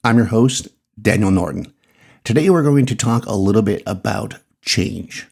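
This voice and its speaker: A middle-aged man with a Massachusetts accent, hosting his podcast and talking out loud in a loose, rambling way with small laughs. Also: fairly low pitch, animated, normal speed, vocal fry, husky. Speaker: podcast host, photographer. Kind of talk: casual solo podcast monologue.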